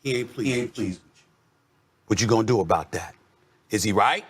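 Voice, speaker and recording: A man hosting a sports debate show, arguing with emphatic rhetorical questions and drawn-out, sing-song stresses. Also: fairly low pitch, breathy edge. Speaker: sports talk host.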